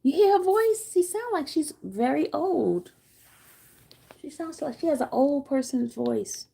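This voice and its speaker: A woman's voice: high voice, animated, a little slow, gravelly, mellow. A woman co-hosting a casual livestream, blunt and teasing as she talks back to the chat.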